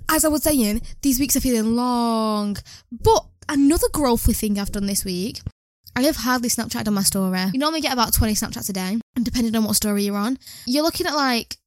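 A woman's voice: fairly high pitch, brisk, no echo. A young British woman with an English accent hosting a solo podcast, rambling from topic to topic and swearing freely. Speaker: podcast host.

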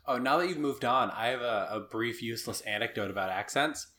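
Bright-voiced Midwestern man, chatty. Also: medium pitch, a little fast. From Midwest United States. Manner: chatty, self-deprecating storyteller. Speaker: podcast co-host. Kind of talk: casual chat.

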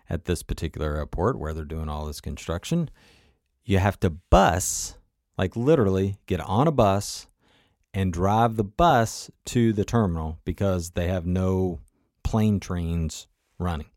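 Man, very low voice, dry close sound, chatty storyteller, motivational talk. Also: darkish tone, dry recording. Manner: conversational storyteller, frequent asides to listener.

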